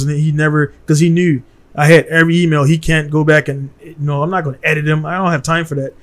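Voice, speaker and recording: A blunt, worked-up man from Baltimore talks in a slightly higher than usual voice. He hosts a relaxed podcast conversation in a studio and keeps dropping "man" into his sentences. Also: quick pace. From Baltimore, USA. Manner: blunt and heated, peppers speech with "man".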